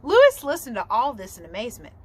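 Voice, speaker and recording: A woman teacher reading a children's novel aloud with expressive storytelling. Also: on the high side, fast, low-quality recording.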